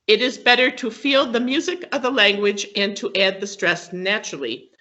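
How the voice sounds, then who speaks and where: A woman's voice: mid-range voice, normal speed, bright, forceful tone, muffled recording. A woman teaching an English class, explaining patiently with many fillers and frequent checks for understanding. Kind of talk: classroom lesson on word stress.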